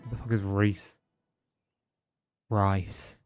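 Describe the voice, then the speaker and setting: A man's voice: on the low side, flat delivery, very slow, soft background music. A man streaming a video game, talking back to the characters with offhand, crude jokes. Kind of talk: casual gameplay commentary.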